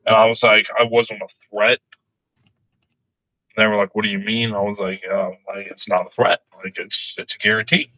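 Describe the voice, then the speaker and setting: A man telling crude work stories in casual chat, laughing often and delivering his own quoted replies deadpan. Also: fairly low pitch, normal speed, no echo, rough recording.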